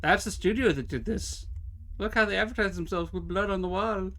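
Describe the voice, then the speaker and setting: A man's voice: high-pitched, a little fast, a bit bright. A man streaming a horror game live, chatting to himself and the game with wry asides. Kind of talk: live gameplay commentary.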